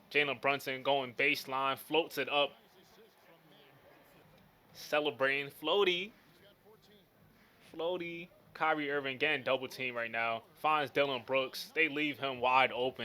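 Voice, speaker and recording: A man's voice: medium pitch, fairly even intonation, moderate pace, pushed and bright. A man giving casual, slangy play-by-play commentary over a basketball video game. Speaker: gaming commentator.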